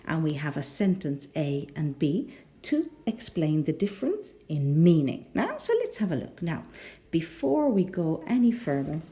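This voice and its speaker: A woman's voice: low voice, huge pitch swings, unhurried, warm tone. A woman with a rhotic English accent teaching a pronunciation lesson, patient and often checking in with the learners.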